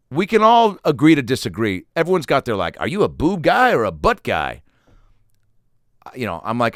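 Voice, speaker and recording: A man's voice: mid-range voice, dry recording, clean studio sound. A man hosting a podcast alone, telling rambling, profane, self-deprecating comic stories in a casual monologue. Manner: animated, profane, rambling storytelling. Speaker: podcast host. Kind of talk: casual comedic solo monologue.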